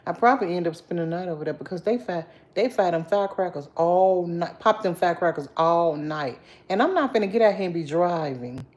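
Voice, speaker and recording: A woman's voice: fairly low pitch, lively intonation, highs cut off. A tired woman hosting a casual livestream, greeting viewers by name in a playful, sing-song way. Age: has a grown daughter. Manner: sings out greetings, drawn-out and playful. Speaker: livestream host.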